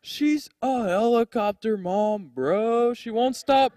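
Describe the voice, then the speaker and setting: A man's voice: very high-pitched, takes it slowly, dark tone, dry recording, studio quality, voice pushed up. A man voicing a whiny young man griping about his doting mother in a stand-up routine, exasperated and drawn out. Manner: whining, exasperated.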